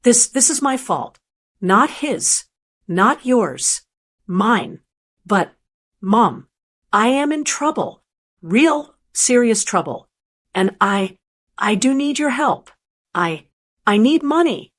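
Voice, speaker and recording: A woman voicing a frightened young man in debt, halting and stammering with remorse. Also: a little high, very animated, exaggerated voice. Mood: desperate.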